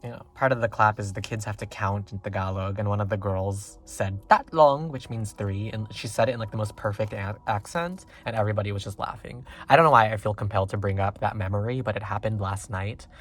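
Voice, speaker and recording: Talking quickly with hardly any pauses, a tarot reader runs through a casual pick-a-card session. He's excitable and rambling, packing in fillers and abrupt jumps in pitch.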